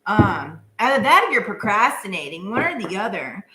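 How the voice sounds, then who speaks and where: A woman's voice: medium pitch, sing-song, normal speed, a bit bright, reverberant, a little hiss or hum. A woman doing a live-stream tarot reading in a chatty, casual way, full of filler words and giggles. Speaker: tarot reader.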